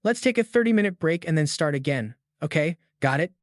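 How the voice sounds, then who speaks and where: A man voicing a twenty-six-year-old male death row inmate who lectures flatly and without emotion. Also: on the high side, fairly quick, dry recording, studio quality, close to an everyday voice. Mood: cold, calm.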